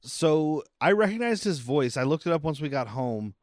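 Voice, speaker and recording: A man's voice: on the high side, normal speed, no echo. Chatty man reviewing a film. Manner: chatty, animated storytelling with quoted asides. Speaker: podcast co-host. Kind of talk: casual film review chat.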